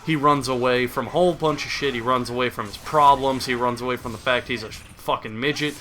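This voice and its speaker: A man rambles through a movie recap, crude and mocking. His voice is bright and forceful. Faint hiss sits under the recording. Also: medium pitch, fairly even intonation, quick pace. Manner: rambling, crude, sarcastic, mocks with silly voices. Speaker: video host. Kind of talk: profane comedic movie recap.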